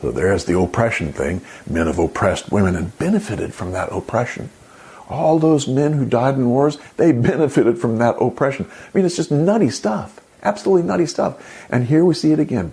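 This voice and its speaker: Male commentary host, gravelly and sarcastic, with a lively, animated delivery. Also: mid-range voice, normal speed. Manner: indignant, exclaiming, sarcastic. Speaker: channel host. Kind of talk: opinion commentary.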